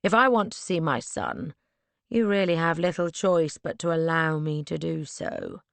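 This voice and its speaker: A woman voicing a brazen, tipsy young gentleman who pleads in a hushed, insistent voice in an audiobook. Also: deep voice, moderate pace, vocal fry, no echo. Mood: smug.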